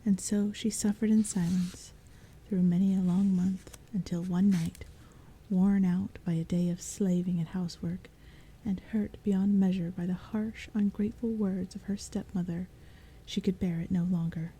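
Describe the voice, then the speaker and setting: A woman reading a novel aloud as a soft-spoken bedtime story, in a soft, breathy half-whisper. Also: on the low side, steady tone, moderate pace, rough recording. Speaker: audiobook reader. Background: soft rain and thunder.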